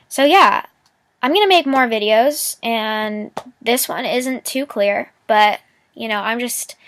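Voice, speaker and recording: A woman's voice: mid-range voice, vocal fry, a bit bright, no echo. A young woman vlogging casually with a rambling, giggly manner, full of fillers as she gives upbeat life advice. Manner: rambling, giggly, lots of "like" and "you know". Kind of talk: casual motivational vlog.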